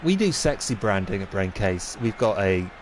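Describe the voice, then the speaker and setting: A man's voice: fairly low pitch, sing-song, normal speed, slight background noise. A young man doing comic commentary over a football game, playing a mock-serious pundit who rants and gets indignant.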